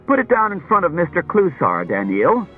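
A man voicing a hard-nosed male police detective who talks brisk and needling, heard through a tinny old radio broadcast. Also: high voice, wildly swooping pitch, soft background music, pitched above the performer's own voice.

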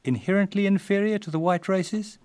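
A man's voice: sits high, fairly even intonation, fairly quick, a little mellow, soft background music, voice pushed up, natural voice. Older man reading as a polite young English hitchhiker. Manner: polite, probing questions.

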